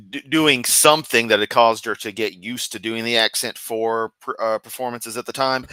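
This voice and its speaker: A man streaming sarcastic comedic commentary while reacting to a video, mocking in a deadpan way. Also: mid-range voice, clean tone, dry recording.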